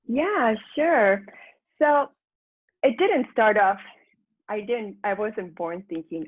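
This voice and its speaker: Husky-voiced woman on a phone-like line. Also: mid-range voice, slow pace, long pauses, no echo. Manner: chatty, laughs easily, acts out her own past thoughts. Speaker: guest, personal transformation mentor. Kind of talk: candid storytelling interview.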